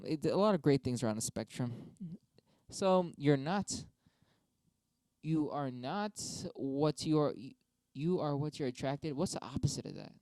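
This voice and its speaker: A young man on a stream rambles casually and profanely, arguing both sides of debate prompts with himself in a solo monologue. His voice is a little high and warm, and the recording is clean with no echo.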